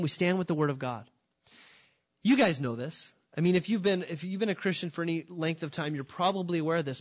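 Emphatic male preacher. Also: on the high side. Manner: energetic, emphatic, rhetorical questions. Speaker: pastor. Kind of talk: sermon.

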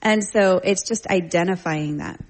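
A middle-aged woman and parent teaching from scripture in a conversational, slangy style, telling lively family stories. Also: lowish voice, moderate pace. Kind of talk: casual teaching talk.

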